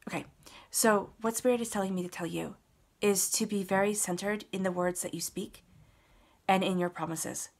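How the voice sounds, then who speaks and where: A woman's voice: on the low side, vocal fry. A woman giving a casual, earnest tarot reading, talking straight to the listener and repeating words for emphasis. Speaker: tarot reader.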